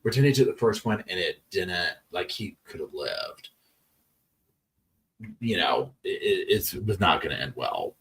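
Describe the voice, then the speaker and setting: Heard from a distant mic, a man with a low, expressive, fairly bright voice speaks a little slowly while hosting a live true-crime chat stream. He's chatty and rambling, restarting often, and reads viewer messages aloud.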